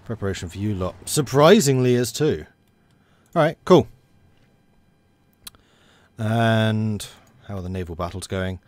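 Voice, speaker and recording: A man's voice: on the low side, measured pace, long pauses, darkish tone, no room sound. A man giving casual, wry commentary while playing a strategy game and chatting to his units. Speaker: let's play commentator.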